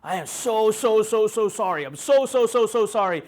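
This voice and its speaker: Guy putting on a flaky buddy who keeps saying sorry, a bit higher and louder, begs a lot. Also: animated, moderate pace. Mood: apologetic. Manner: gushing, repetitive apologies. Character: flaky apologetic adult male friend.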